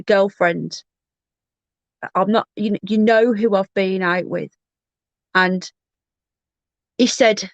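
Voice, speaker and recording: A woman's voice: medium pitch, no echo, dull audio. A woman hosting a livestream, telling a personal story in a candid, rambling way with frequent restarts. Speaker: livestream host.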